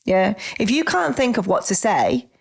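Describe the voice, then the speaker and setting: A woman's voice: mid-range voice, normal speed, vocal fry, slightly rough. A woman, a business coach hosting a podcast, chatting animatedly and acting out the people she describes. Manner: animated, acts out quoted clients. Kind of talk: conversational podcast chat.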